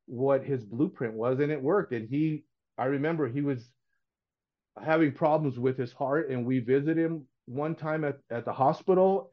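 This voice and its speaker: A man's voice: medium pitch, muffled recording. A middle-aged man talking in a casual podcast chat as a guest, earnest and rambling, often restarting his sentences. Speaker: painting contractor guest.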